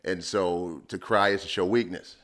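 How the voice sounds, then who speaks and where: A man co-hosting a casual podcast chat, telling personal stories with halting restarts and frequent laughs. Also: low-pitched, fairly even intonation, a bit bright. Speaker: podcast co-host.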